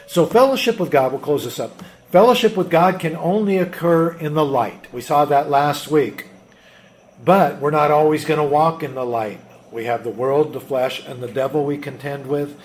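A middle-aged man preaching a sermon to a congregation as pastor, earnest and pressing his points with rising emphasis. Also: on the high side. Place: church room with a congregation.

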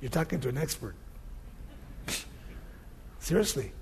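A male pastor preaching a sermon, swinging from loud, emphatic scripture reading to quiet, conversational asides. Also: medium pitch, sing-song, takes it slowly, slight background noise.

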